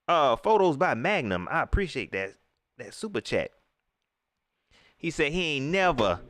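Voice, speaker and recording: Animated man ranting about football. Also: on the high side, moderate pace, vocal fry, dry recording, studio quality. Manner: animated, ranting, reads viewer comments. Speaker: livestream sports commentator. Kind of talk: live post-game rant.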